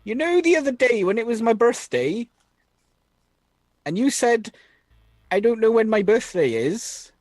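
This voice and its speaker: A woman's voice: a little high, very animated, a little slow, pauses often, a little mellow, dry recording. A woman voicing a tiny, boastful male alien engineer in a tabletop role-play, blustering and calling everyone mate. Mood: chatty.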